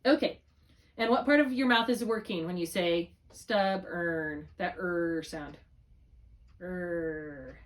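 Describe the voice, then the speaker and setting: A woman's voice: lowish voice, slow pace. A middle-aged woman tutoring a student in spelling, patient and encouraging, drawing out syllables to model them. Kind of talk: one-on-one spelling lesson.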